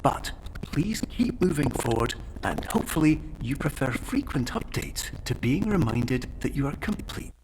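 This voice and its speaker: A man's voice: medium pitch, very animated, moderate pace, background noise, voice pushed up, close to an everyday voice. A man reading the lines of a doctor giving a radio update in a game. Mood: chipper.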